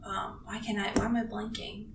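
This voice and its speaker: A woman's voice: medium pitch, flat delivery, a little fast. A young woman chatting casually on a podcast, teasing the others and laughing easily. She sounds set back from the mic, with a roomy echo and a faint hiss. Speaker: podcast guest. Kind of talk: casual chat. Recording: distant, roomy, faint noise.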